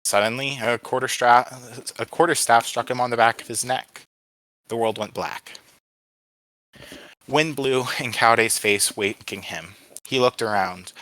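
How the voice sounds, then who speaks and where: A man's voice: on the low side, bright, forceful tone, no echo, low-quality recording. A man reading his own story aloud in plain narration, with small slips, over voice chat from home.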